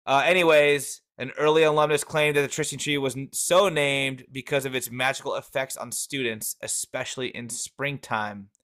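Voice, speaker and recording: A man's voice: medium pitch, steady tone, normal speed, hardly any pauses, a bit bright. A man co-hosting a casual sports podcast, reading facts aloud with jokey asides and laughs. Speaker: podcast co-host.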